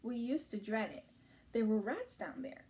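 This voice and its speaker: A woman's voice: a little high, lively intonation, normal speed, mellow. A woman reading aloud as a young orphan girl who answers plainly and frankly. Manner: matter-of-fact.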